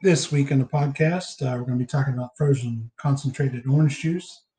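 Male podcast host, halting recap, echoey room. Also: medium pitch, mellow. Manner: halting, heavy filler words. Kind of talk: casual movie recap chat.

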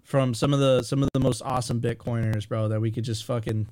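Slangy, animated podcast host man. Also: mid-range voice, brisk. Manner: slangy and animated, restarts a lot. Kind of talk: casual podcast chat.

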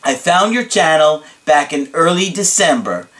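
A dramatic, excitable young man pours out his thanks, drawing every word out slowly and theatrically, as a man puts him on. The voice sits a little high for a man. He leans hard on each phrase for effect. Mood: gushing. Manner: drawn-out dramatic emphasis.

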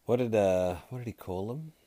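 Deep-voiced man, jokey podcast host. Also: lively intonation, very noisy. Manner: jokey, reads tweets aloud with quick asides. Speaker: podcast host reading listener tweets. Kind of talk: casual chat.

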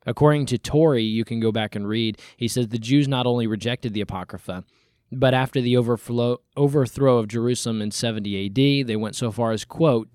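A man preaching a sermon, asking rhetorical questions and using deliberate pauses, rising sharply on key points and dropping low to finish them. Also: a little mellow, dry recording, studio quality.

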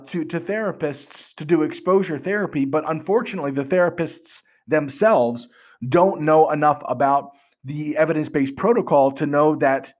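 Earnest man explaining on a podcast. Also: a little high. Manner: earnest, repetitive, rhetorical questions, frequent restarts. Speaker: podcast host.

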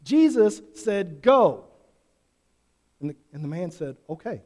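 A man's voice: high-pitched, sing-song, moderate pace, warm tone. A pastor preaching an earnest sermon to his congregation, pressing them with repeated questions. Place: church sanctuary. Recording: long hall reverb.

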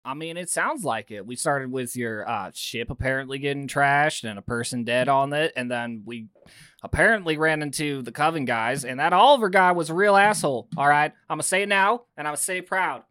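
A man's voice: a little high, brisk, bright, forceful tone, clean tone, dry recording, clean studio sound. A man playing an earnest, grumbling male sailor who rambles indignantly in a tabletop game. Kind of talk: in-character tabletop play.

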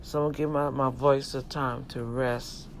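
Gravelly, preachy man ranting to viewers. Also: medium pitch, level tone, moderate pace, a little hiss or hum. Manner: emphatic, sermon-like exhortation; talks directly to viewers, folksy. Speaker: vlogger and self-publisher. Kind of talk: casual preachy rant to camera.

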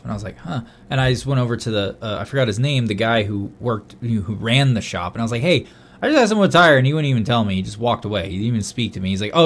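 Young man, casual storyteller, animated, frequent swearing, loud outbursts. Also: mid-range voice, a little hiss or hum. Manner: animated, swears a lot, loud bursts when quoting himself. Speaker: podcast co-host.

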